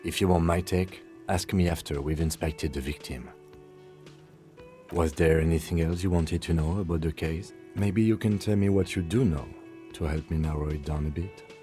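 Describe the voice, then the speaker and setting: A man's voice: low voice, steady tone, moderate pace, mellow, faint music behind, natural voice. An actor playing a methodical male police lieutenant in a video game, speaking in a composed, precise, dry way.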